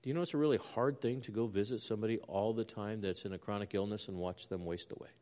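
A man's voice: lowish voice, fast talker, long reverb tail. Impassioned male pastor preaching. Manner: impassioned, rising loud when reading scripture aloud. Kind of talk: sermon.

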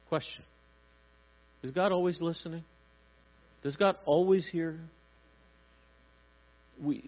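A male pastor reading scripture aloud and preaching with passionate emphasis. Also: mid-range voice. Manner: impassioned, rising to emphatic cries. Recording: dull lo-fi with mains hum.

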